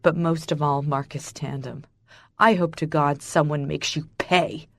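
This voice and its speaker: A betrayed young woman screams and spits her hurt, her voice cracking as it climbs high, as a woman plays her. The voice leaps up from a low, slow base. It is a dry, close audiobook recording. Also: fairly even intonation, dry recording. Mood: bitter.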